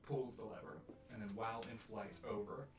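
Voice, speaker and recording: A man running a tabletop game as game master, narrating scenes vividly and slowing down for eerie descriptions. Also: on the low side, steady tone. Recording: roomy, distant mic with music.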